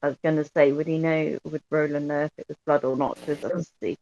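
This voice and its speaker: Gravelly-voiced male player. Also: fairly high pitch, flat delivery, fast, darkish tone, highs cut off. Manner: chatty, rambling, laughing. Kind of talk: casual tabletop play.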